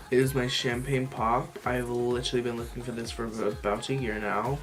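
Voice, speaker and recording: A man's voice: medium pitch, level tone, moderate pace, hardly any pauses, faint music behind. A man chatting casually through a makeup tutorial, swearing freely and filling with "like" and "you know". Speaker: makeup vlogger.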